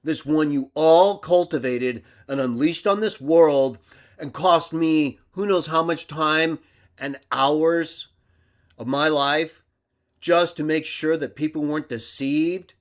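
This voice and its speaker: Slow, high-voiced ranting man. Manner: aggressive, swinging between shouting and muttering. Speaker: livestream host. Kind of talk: angry livestream rant.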